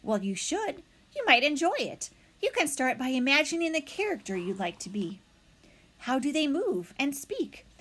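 A woman's voice: high voice, sing-song, moderate pace, a bit bright, slight background noise, voice pushed up. A woman voicing a theatrical female opossum who is proud of her acting, talking in a dramatic, self-assured way.

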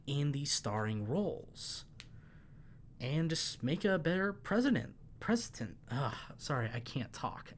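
A man talks through his thoughts alone on a podcast, loose and unscripted. His voice sits at an ordinary middle pitch and is starting to wear thin. There is a faint hum of room noise behind him. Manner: loose, thinking aloud. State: voice starting to give out. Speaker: podcast host. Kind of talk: solo podcast monologue.

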